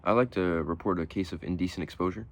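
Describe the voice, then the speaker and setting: A man's voice: deep voice, fast talker. A man voicing a flustered, exasperated middle-aged suburban homeowner. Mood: frantic. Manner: frantic, exasperated.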